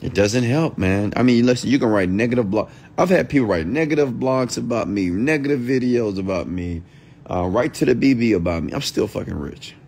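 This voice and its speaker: A man's voice: mid-range voice, lively intonation, brisk, a little mellow, slight background noise. A middle-aged man, an entrepreneur and mentor, hosting a late-night livestream rant in a blunt, profane manner. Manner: blunt, profane, mocks whiny voices.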